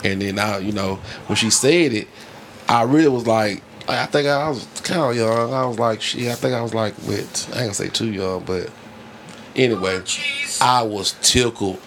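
A man with a fairly low voice tells rambling podcast stories, profane and animated, often cracking up mid-sentence. Faint noise hums under the recording. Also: normal speed. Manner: profane, laughing, animated storyteller. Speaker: podcast host. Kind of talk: casual storytelling chat.

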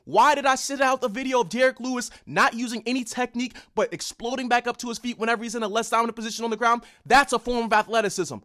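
A young man giving an angry, heated ranting commentary on combat sports, loud and repetitive. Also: very high-pitched, steady tone, quick pace, hardly any pauses.

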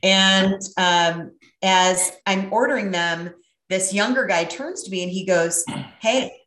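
A middle-aged woman telling a brash, profane, animated story in casual chat. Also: mid-range voice, measured pace, echoey room.

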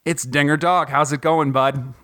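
A man from Ohio hosting a podcast from home, chatting casually in an animated, joking, rambling way with lots of fillers. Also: on the high side, moderate pace. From Ohio, USA. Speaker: podcast host. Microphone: recording from home, guest on the phone.

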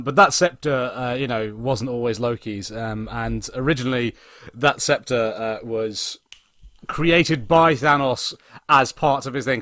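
A man co-hosting a casual podcast, improvising a comic story with many pauses and fillers. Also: medium pitch, fairly bright tone, no echo, clean studio sound. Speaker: podcast co-host.

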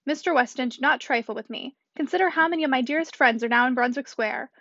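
A woman's voice: sits high, quick pace, vocal fry, a bit bright, no echo, dull audio, full character voice. A woman voicing an anxious, imperious young lady who speaks urgently and demands answers, in a storybook reading.

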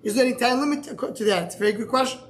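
Halting man teaching a Talmud class. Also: very high-pitched. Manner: explains step by step, asks and answers himself; halting, restarts words. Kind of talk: live Gemara class.

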